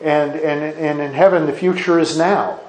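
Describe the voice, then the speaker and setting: A man's voice: a little high, steady tone, normal speed, darkish tone. A man giving sermon-style Bible teaching in an earnest way, often repeating and restarting his words. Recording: echoey room.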